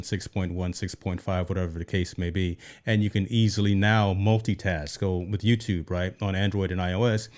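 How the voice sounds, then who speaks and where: A man's voice: lowish voice, a little mellow. A man hosting a tech show, chatting casually and explaining as he goes, often checking in with "right?". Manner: conversational, explains with repeated "right?".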